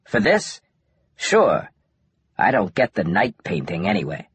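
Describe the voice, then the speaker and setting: A brash, excitable smuggler captain who shouts up high and swings wildly in pitch, as a male narrator puts him on. The husky voice sits dry and close. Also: a little slow, no room sound, full character voice.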